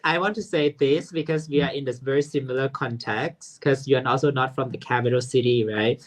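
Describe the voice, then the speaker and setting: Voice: medium pitch, fairly even intonation, brisk. Lao-accented host, chatty and agreeable. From Laos. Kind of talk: casual conversation.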